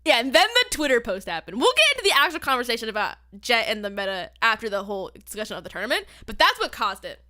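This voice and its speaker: A woman's voice: fairly high pitch, quick pace, hardly any pauses. A young woman streamer chatting casually on a livestream, ranting with laughter and frequent swearing. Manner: animated, swearing, laughing rants. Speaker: VTuber streamer.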